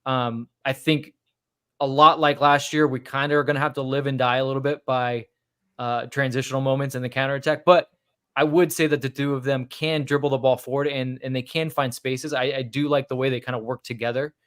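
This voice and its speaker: A man's voice: mid-range voice, little pitch movement, fairly quick, a bit bright, clean tone. Easygoing man chatting on a podcast. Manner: easygoing, thinks aloud with fillers. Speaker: podcast co-host. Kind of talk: casual postgame chat.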